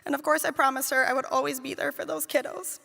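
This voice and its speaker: A woman with a high, bright, gravelly voice reads a heartfelt eulogy for children she cared for, speaking with tender fondness. Her words carry a long reverb from a large hall. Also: little pitch movement, fast talker. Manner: heartfelt, tender, fond storytelling. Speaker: nanny giving a eulogy. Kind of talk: read memorial speech.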